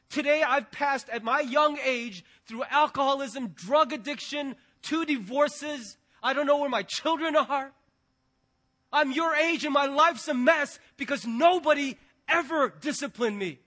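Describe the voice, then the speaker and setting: A man preaching from the pulpit with a notably high voice. His tone is bright and forceful, and he slips into animated voices when he tells stories. The delivery is that of a middle-aged pastor speaking to his congregation. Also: unhurried. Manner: animated storytelling, acting out quoted voices. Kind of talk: sermon.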